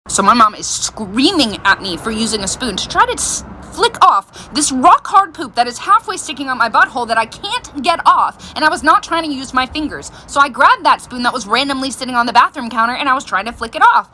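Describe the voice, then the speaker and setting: High bright young woman telling a story. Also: fairly quick, hardly any pauses, slight background noise. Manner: frank, animated, exaggerated retelling. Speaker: vlogger. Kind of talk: casual storytelling.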